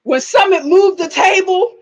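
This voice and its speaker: A woman's voice: very high voice, unhurried. A woman doing a live review of a reality TV episode, telling it dramatically and breaking into laughter.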